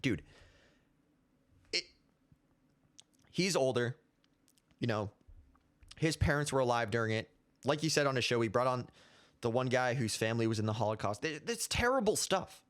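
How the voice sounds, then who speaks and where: A man's voice: medium pitch, lively intonation, moderate pace, pauses often, fairly bright tone. A man in his twenties hosting his own commentary show, ranting heatedly and repeating himself. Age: 20s. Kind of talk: casual opinion commentary.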